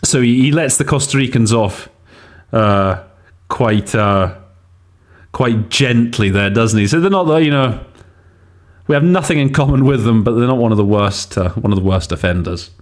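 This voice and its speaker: In casual teaching commentary for his interpreting podcast, a male host explains word choices, often hesitating as he thinks aloud. He speaks at a normal speed in a mid-range voice.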